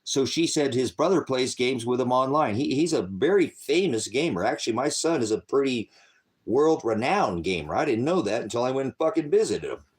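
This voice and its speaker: A man's voice: medium pitch, lively intonation, fairly quick, slightly rough. Middle-aged man ranting angrily, heavy profanity. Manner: angry, profane, rambling and accusatory. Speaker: host of a faith channel. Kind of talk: livestream rant to viewers.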